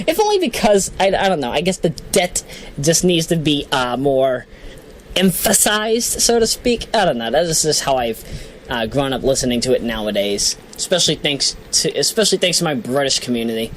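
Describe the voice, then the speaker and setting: A woman's voice: deep voice, big pitch swings, fairly quick, a little hiss or hum, poor audio. A woman vlogger chatting casually as she reads down a list, joking at her own expense and apologizing for her mispronunciations. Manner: chatty, self-deprecating, giggly, apologizes for mispronunciations. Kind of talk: casual solo commentary, reading down a list.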